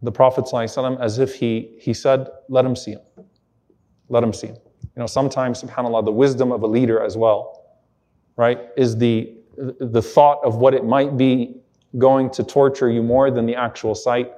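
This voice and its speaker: A man's voice: medium pitch, level tone, brisk, mellow. Earnest male Islamic lecturer. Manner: earnest, emotional retelling with Arabic quotations. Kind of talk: sermon-style storytelling lecture.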